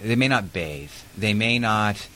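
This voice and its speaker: A man's voice: lowish voice, lively intonation, measured pace, sharp tone. A man who works as an investigator, telling a work story in a chatty interview with plenty of fillers. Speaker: protective services investigator.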